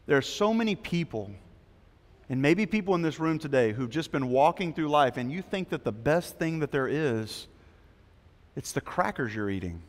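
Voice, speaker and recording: A man preaching a sermon as pastor, telling a story with quoted voices before an earnest appeal. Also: medium pitch. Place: church sanctuary. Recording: long hall reverb.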